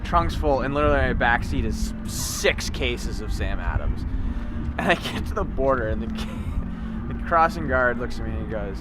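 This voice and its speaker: A man's voice: mid-range voice, brisk, over loud music. Young man telling a laughing story. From Boston area. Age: young adult. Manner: lively, laughing, acts out both sides of the dialogue. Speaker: street interviewee. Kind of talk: casual storytelling outdoors. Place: outdoors on a city street.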